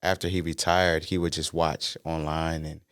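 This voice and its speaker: A man's voice: rumbling low, normal speed, smooth, no room sound, clean studio sound. A man, a singer-songwriter guest on a podcast, telling stories casually with slang and easygoing fillers. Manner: relaxed storytelling with slang and fillers.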